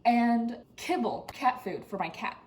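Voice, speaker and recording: A woman's voice: on the high side, expressive, measured pace. A woman in her twenties talking casually to camera at her desk at home, ranting sarcastically about her frustrations, with sudden squeals. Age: 20s. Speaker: vlogger. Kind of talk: casual vlog chat.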